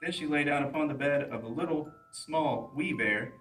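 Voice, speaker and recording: A man, a police officer, reading a children's bedtime story aloud in a plain, steady way. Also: a little high, normal speed, faint music behind. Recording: roomy echo, mic at a distance.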